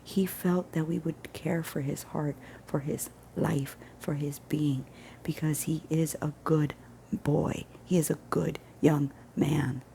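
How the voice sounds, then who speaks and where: Low, gravelly woman telling a story. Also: steady tone, takes it slowly, slight background noise. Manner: earnest, emphatic, often drops to a hushed near-whisper. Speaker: vlogger. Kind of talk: casual vlog storytelling.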